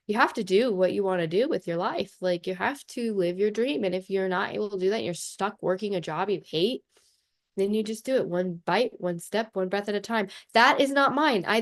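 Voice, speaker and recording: A woman coach talking straight to camera in a casual vlog, chatty and passionate, blunt, swearing and saying "like" a lot. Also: mid-range voice. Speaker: life coach.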